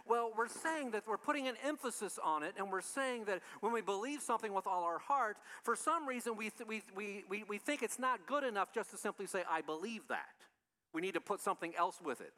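A man preaches to his congregation in a loose, conversational way and keeps putting questions to them. His voice sits a little high and sounds bright and forceful. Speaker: pastor. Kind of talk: sermon.

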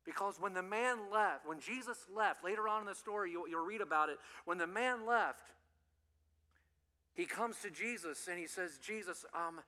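A male pastor giving an animated, playful sermon to children and youth, quizzing the audience as he goes. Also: high-pitched, normal speed, big-room sound. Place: church.

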